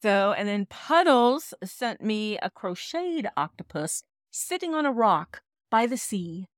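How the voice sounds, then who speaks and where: A woman's voice: mid-range voice, big pitch swings, takes it slowly, no room sound, studio quality. Frank, laughing woman podcast host. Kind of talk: casual podcast chat.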